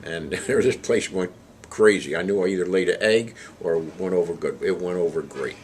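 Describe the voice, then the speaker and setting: Low-voiced man telling roast stories. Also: moderate pace, a little hiss or hum. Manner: animated joke-telling, chuckling as he goes. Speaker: storyteller recalling a celebrity roast. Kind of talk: anecdotal storytelling.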